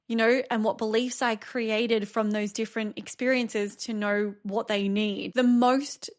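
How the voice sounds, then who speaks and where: A woman in her thirties hosting a podcast, talking candidly and thoughtfully about her own life. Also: fairly high pitch. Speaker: podcast host. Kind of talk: solo reflective podcast talk.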